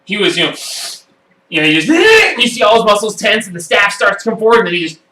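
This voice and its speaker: A man narrating as game master of a home tabletop game, animated, with quick voiced asides and many fillers. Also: sits high. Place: room at home. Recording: echoey room, far from the mic.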